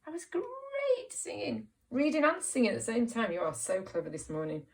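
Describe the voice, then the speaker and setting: A woman teacher giving an encouraging, expressive reading lesson to young children, asking them questions about the story. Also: a little high, normal speed. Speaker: primary school teacher.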